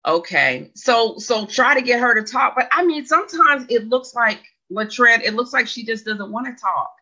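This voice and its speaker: Her voice sits on the high side, expressive and moderately paced, pushed and bright with a slight roughness. She's a woman in her forties running a casual livestream, chatty and rambling as she reads the chat, often questioning herself and laughing a lot. The audio is dull and lo-fi.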